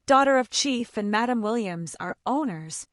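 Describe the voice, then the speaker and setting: A polite, bowing butler with formal, respectful speech, voiced by a woman narrator. The voice sits slightly high and moves lively, in a dry, close recording. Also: moderate pace, no room sound, lightly acted. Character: polite deferential male butler.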